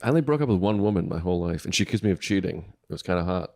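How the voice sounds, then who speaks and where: A man's voice: deep voice, lively intonation, very fast, a little mellow. Man telling crude stories. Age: adult, married. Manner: profane storytelling with acted-out quotes. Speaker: podcast co-host or guest. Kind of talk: casual chat.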